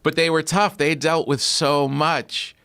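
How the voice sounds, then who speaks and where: A man's voice: on the high side, level tone, a little slow, pushed and bright, clear, resonant tone, no room sound, studio quality. A man guesting on a podcast, telling a personal story in a rambling way, full of fillers. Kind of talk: casual storytelling.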